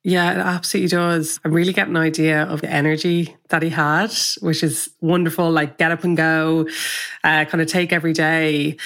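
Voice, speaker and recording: A woman interviewing a guest on a podcast, asking questions gently and reassuringly. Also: deep voice, flat delivery, moderate pace.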